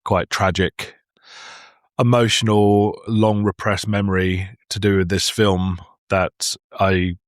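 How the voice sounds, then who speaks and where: A man's voice: sits low, slow, no echo, clean studio sound. A man in his thirties co-hosting a podcast, playful and laughing as he talks about films. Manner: playful, laughing, animated asides. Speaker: podcast co-host. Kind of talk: casual film chat.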